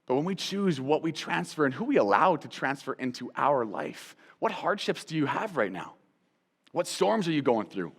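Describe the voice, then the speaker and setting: A man hosting a Christian teaching show, talking in an animated, conversational way, repeating phrases for emphasis and putting direct questions to the listener. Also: on the high side, normal speed, gravelly, breathy edge, in a large hall. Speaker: host and Bible teacher.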